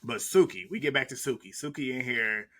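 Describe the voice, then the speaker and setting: A man's voice: mid-range voice, expressive, a little fast, fairly bright tone. A man, recapping a reality show in casual, blunt, trash-talking commentary.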